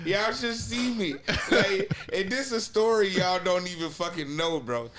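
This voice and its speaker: A man's voice: high-pitched, moderate pace. A man telling a wild story to a group, laughing and cursing as he goes, with a noisy crowd around him. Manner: laughing, profane, animated storyteller.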